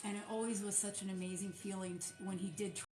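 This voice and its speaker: A woman's voice: mid-range voice, steady tone, fast, warm tone. A woman who runs a small soap business, chatting casually and rambling with many fillers while packing orders on a livestream. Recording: roomy sound with music behind.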